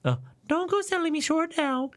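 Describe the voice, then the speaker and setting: Creaky bent-backed old man witness, very high and wavering. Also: normal speed, a bit bright. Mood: grumbling.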